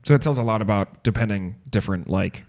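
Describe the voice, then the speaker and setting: A man's voice: fairly low pitch, quick pace, a little mellow. A man co-hosting a casual podcast, rambling with lots of fillers and swearing as he talks. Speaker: podcast co-host. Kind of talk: casual chat.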